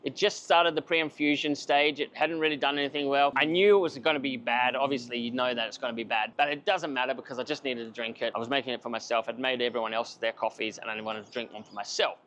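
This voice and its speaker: A man's voice: mid-range voice, fairly even intonation, fast talker, hardly any pauses, a bit bright, a little hiss or hum. A man giving a casual, enthusiastic coffee machine review to camera, chatty and self-mocking.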